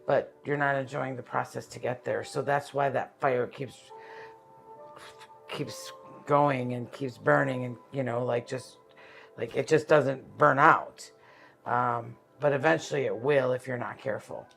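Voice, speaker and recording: A man giving a live-streamed tarot reading, halting and searching for words as he explains the cards. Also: medium pitch, fairly even intonation, creaky, a bit bright, faint music behind. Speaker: tarot card reader.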